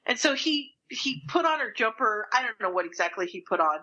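A woman co-hosting a podcast, telling an animated anecdote in casual chat. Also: a little high, fairly quick, dull audio. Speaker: podcast co-host.

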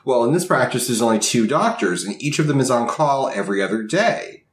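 A man's voice: mid-range voice, animated, a little fast, echoey room. A man co-hosting a podcast, joking and telling rambling stories. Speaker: podcast co-host. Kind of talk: casual chat.

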